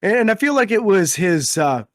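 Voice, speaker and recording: A young man co-hosting a casual sports podcast, talking energetically and quick to exclaim. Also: high voice, very animated, no room sound, clean studio sound. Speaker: podcast co-host.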